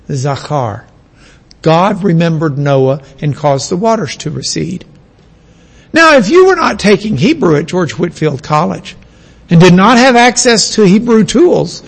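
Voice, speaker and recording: Animated, high-voiced male lecturer. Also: unhurried, long reverb tail. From United States. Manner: animated, emphatic, repeats key words. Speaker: lecturer in biblical languages. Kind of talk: classroom lecture.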